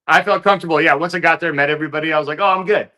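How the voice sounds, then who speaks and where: A man guest in an interview, telling a story in a relaxed, casual way with lots of fillers. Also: a little high, rapid-fire. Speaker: interview guest, fighter turned actor.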